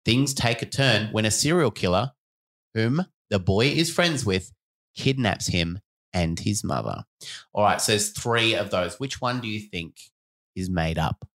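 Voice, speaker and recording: A man co-hosting a podcast, his voice swinging up and down as he cracks deadpan jokes. He teases his co-host and reads out film blurbs in a casual, joking way. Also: lowish voice, a little slow. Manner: playful, teasing, deadpan jokes.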